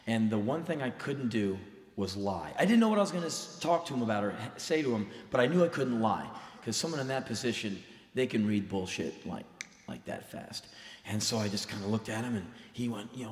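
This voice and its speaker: A man's voice: lowish voice, animated, moderate pace, fairly bright tone. Intense man in a reverberant hall. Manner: intense, emphatic, acts out quoted dialogue. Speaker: spoken word performer. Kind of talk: live storytelling monologue. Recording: reverberant live hall recording.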